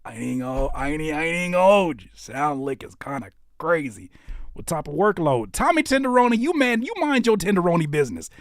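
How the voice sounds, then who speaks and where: A man hosting a live stream, reacting to viewer music with animated, slangy, profane joking banter and teasing the chat. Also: a little high, fairly quick, no echo, studio quality. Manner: reads out chat comments and teases viewers.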